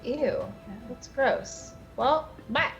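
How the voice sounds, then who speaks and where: A woman with a fairly high voice plays a tabletop game. She is excitable and giggly and asks quick questions. Faint music sits behind her. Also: lo-fi sound. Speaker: player. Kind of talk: casual tabletop play.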